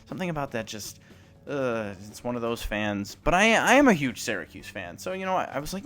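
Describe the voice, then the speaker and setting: A man's voice: medium pitch, sing-song, fairly quick, fairly bright tone. A young man hosting a sports report, telling an awkward story in a rambling, self-conscious way with many restarts, then reading the news.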